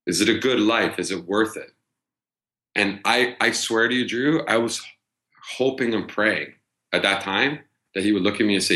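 A man in his thirties chatting as a podcast guest, swearing freely and telling stories with animated energy. His voice sits low and comes across forceful and tense. He piles on fillers and quick restarts. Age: 30s. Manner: loose, profane, animated storytelling; heavy filler words and restarts. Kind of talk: casual storytelling chat.

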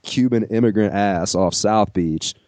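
Lowish voice guy cohosting, blunt and crude, dry sound. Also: a little slow, a little mellow, dry recording. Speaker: guest co-host. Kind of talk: casual chat.

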